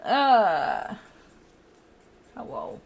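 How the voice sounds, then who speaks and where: A woman's voice: medium pitch, huge pitch swings, very slow, vocal fry. A young woman livestreaming, chatting with viewers and talking baby talk to her cat. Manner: playful baby talk to a pet. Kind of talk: casual chat with chat and her cat.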